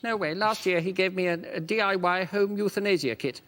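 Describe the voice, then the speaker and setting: A man's voice: high voice, a little fast, noisy background, close to an everyday voice. A man putting on a prim elderly queen. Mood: dry. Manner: clipped, dry put-downs in a posh voice.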